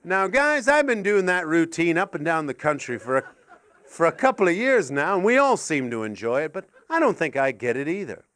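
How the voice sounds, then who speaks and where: High, lively man from Canada doing stand-up. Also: fairly quick. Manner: rambling, absurd, self-mocking. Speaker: stand-up comedian. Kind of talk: stand-up set. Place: live comedy venue.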